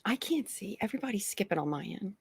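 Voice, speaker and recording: Woman co-host, giggly banter, animated pitch, dry close sound. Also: quick pace, slightly rough, dry recording. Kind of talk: casual livestream chat.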